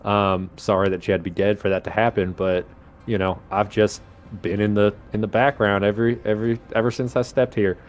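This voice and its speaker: A man playing a tabletop game, speaking in character with rambling, halting sentences. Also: on the low side, flat delivery, a little hiss or hum. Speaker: player.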